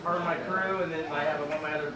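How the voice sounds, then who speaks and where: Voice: medium pitch, fairly even intonation, fast talker. A tattoo client who works on yachts, chatting in a friendly way on a live stream. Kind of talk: casual chat. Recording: live stream with loud crowd noise.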